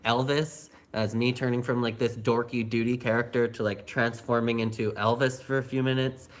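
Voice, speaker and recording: A young man talks through a personal story on a livestream. He is chatty and animated, peppering his speech with filler words and laughter, at an ordinary middle pitch. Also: moderate pace. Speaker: vlogger.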